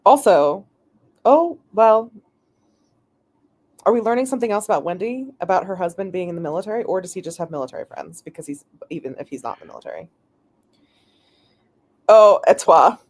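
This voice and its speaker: A woman's voice: lowish voice, expressive, quick pace, a little mellow. Chatty girl streaming from bed, voice bouncing all over, giggly, lots of ums. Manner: chatty and giggly, full of fillers. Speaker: streamer host. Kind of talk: casual chat on a live stream. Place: lying in bed at home. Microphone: headphones with mic.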